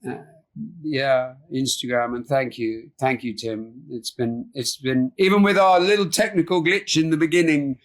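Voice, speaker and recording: A man speaking as a podcast guest in an earnest, soft-spoken way, often trailing off and restarting, recorded over a remote call. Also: medium pitch, moderate pace. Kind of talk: reflective interview talk.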